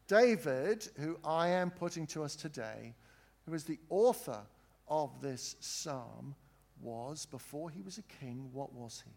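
Slow, earnest male preacher. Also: mid-range voice, lively intonation, gravelly, darkish tone. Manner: earnest, with slow emphatic pauses and questions to the congregation. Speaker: pastor. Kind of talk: sermon.

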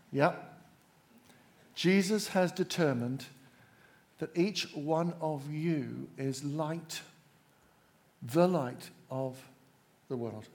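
A man preaching a sermon to a congregation, measured and emphatic, drawing the listeners in. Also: on the high side, darkish tone.

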